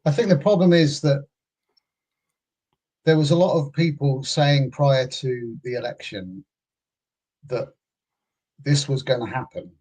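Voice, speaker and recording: A man's voice: mid-range voice, measured pace, long pauses, darkish tone. A male guest in a casual political debate, pressing his point steadily.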